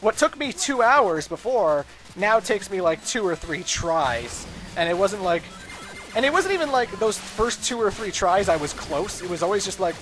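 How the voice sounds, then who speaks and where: A man's voice: high voice, very animated, normal speed, a bit bright, soft background music. A man giving casual, chatty gameplay commentary as a let's play host, with frequent asides to viewers.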